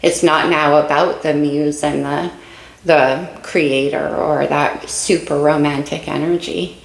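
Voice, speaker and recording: A tarot reader gives a casual spoken reading in a low, steady, creaky voice, talking slowly and a little out of breath. She muses dreamily and addresses her viewers directly. The low-quality recording carries the echo of the room.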